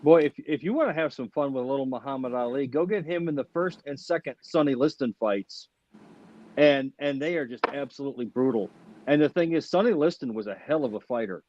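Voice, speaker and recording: A comedian chatting casually, rambling with many fillers and restarts. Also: male voice, medium pitch, lively intonation, brisk, darkish tone, slight background noise. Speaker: comedian guest. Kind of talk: casual chat. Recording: dull, dry sound.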